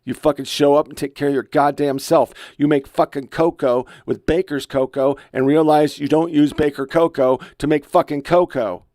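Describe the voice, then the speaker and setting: A man's voice: on the high side, steady tone, moderate pace, few pauses, darkish tone, no echo, clean studio sound. A man in his fifties hosting a podcast, reacting to online clips in a blunt, profane, emotional rant. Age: 50s. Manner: blunt, profane, heated ranting. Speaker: podcast host.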